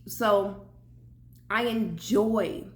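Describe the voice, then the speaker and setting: A woman's voice: medium pitch, drawn-out words, roomy sound, a little hiss or hum. A young woman with a Southern US accent, chatting casually while eating and talking with her mouth full in her home kitchen. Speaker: vlogger.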